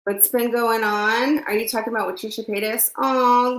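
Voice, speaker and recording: A livestream host chats casually from her under-construction home over a phone, gossiping and reading out viewer comments as she has breakfast. She talks at a normal speed in a slightly high, steady, fairly bright voice.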